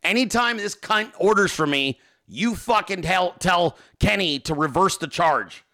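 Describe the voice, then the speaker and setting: Male streamer host, bright animated delivery, profane rants, casual reading of viewer mail. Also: high voice, measured pace. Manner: profane, ranting; reads viewer emails and chat aloud. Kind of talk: casual livestream chat.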